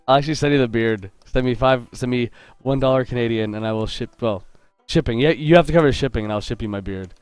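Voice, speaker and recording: Man, game artist streaming, chatty, upbeat, joking, mid-pitched, close dry sound, faint music behind. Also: fast talker, hardly any pauses, a little mellow, clean tone, no echo. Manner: chatty and upbeat, greeting viewers and reading chat aloud; joking and self-interrupting. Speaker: game artist hosting a live drawing stream. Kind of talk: casual livestream chat while drawing.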